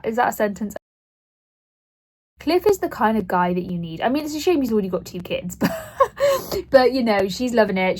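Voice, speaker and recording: A woman's voice: medium pitch, a little mellow. A woman in her late twenties talks casually to camera as a book vlogger, rambling and poking fun at herself. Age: 20s. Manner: rambling, self-deprecating, chatty.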